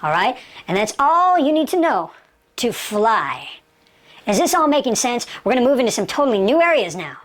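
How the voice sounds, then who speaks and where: A woman's voice: on the high side, big pitch swings, moderate pace. A woman giving a motivational martial arts lecture, emphatic, asking rhetorical questions and repeating key phrases.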